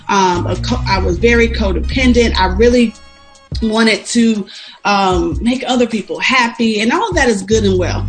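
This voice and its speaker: A woman shares her story as a guest on a talk show, heartfelt and faith-filled, laughing softly between thoughts. Her voice sits at a medium pitch. Soft music plays faintly beneath her. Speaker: podcast guest. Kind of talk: testimonial interview talk.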